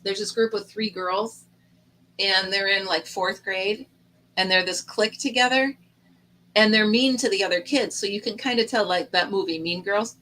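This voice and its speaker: A woman's voice: medium pitch, normal speed, bright, forceful tone, slight background noise, low-quality recording. A middle-aged woman hosting a casual live chat stream, telling stories in a chatty way and laughing often.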